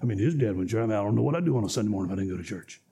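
A preacher voicing an imagined male churchgoer who rattles off his reasons for coming, hurried and offhand. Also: lowish voice, lively intonation, gravelly, warm tone, slight background noise, pitched below the performer's own voice. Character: habitual male churchgoer, deep-voiced, rattling off excuses.

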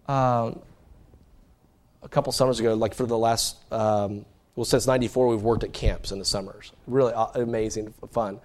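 A middle-aged man preaching a sermon as pastor, swinging from quiet, low asides to loud, animated emphasis. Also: moderate pace.

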